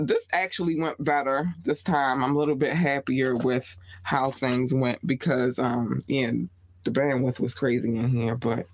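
A woman podcast host with a Baltimore accent, chatting casually and bluntly in a small home studio, her voice swooping up high when excited. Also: no room sound. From Baltimore, USA. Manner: laid-back, blunt, frequent "um" and laughter. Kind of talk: casual podcast sign-off chat.

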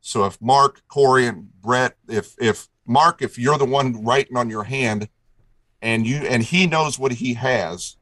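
Folksy man spinning a yarn, bright and dry. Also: mid-range voice, unhurried, no room sound, low-quality recording. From Indiana. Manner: folksy, rambling, acts out dialogue. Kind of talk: casual storytelling.

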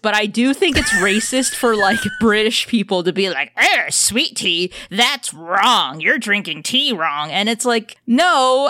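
A woman co-hosting a podcast in casual chat, animated, swearing and laughing often. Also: fairly high pitch, no room sound, studio quality. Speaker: podcast co-host.

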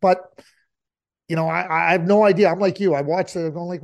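A man's voice: high voice, fairly even intonation, a little fast, vocal fry. A man giving his take on hockey in casual talk, emphatic and repetitive, often restarting his sentences. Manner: emphatic, repeats points, stammering restarts. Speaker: hockey analyst.

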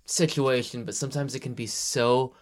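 A woman's voice: rumbling low, normal speed. A woman co-hosting a podcast, chiming in often during casual chat. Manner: lively, animated, chimes in often. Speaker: podcast co-host.

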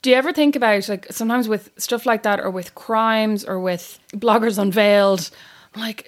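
A woman's voice: mid-range voice, moderate pace. A woman chatting casually as a podcast co-host, blunt and frank, with the odd swear word. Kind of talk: casual chat.

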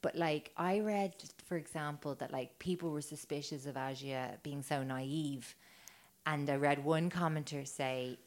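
A woman's voice: low-pitched, a little slow. A woman, hosting a podcast and telling a story in casual, chatty talk full of fillers and swearing. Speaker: podcast host.

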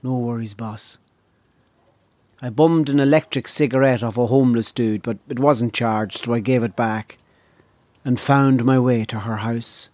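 A man from Donegal with an Irish accent, telling a comic story in a wry, deadpan way. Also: mid-range voice, normal speed, no room sound. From Donegal, Ireland. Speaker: comedian.

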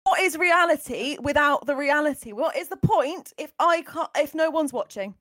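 A woman voicing a vain reality TV star who lives for the cameras. She talks in a dramatic, self-absorbed way, a touch high. The sound is dry and close. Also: animated, moderate pace, fairly bright tone, dry recording. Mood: distraught.

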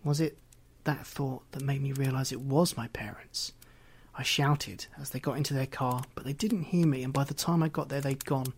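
A man's voice: mid-range voice, fairly even intonation, normal speed, husky. Man reading a story aloud. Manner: reflective first-person storytelling. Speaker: narrator. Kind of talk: audiobook reading.

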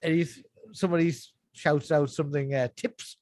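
A man's voice: on the high side, moderate pace, dry recording. A man chatting casually, retelling a TV show with laughter and mimicked voices.

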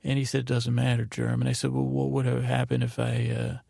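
Gravelly man rambling a bedtime story. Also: medium pitch, monotone, mellow, dry recording, studio quality. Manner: meandering, halting, full of restarts and "I said". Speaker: sleep podcast host.

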